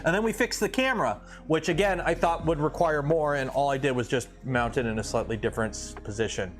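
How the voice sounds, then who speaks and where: A Canadian livestream host chats with viewers, reads chat aloud and rants animatedly about a pet peeve. His voice is fairly high and a little fast, over soft background music.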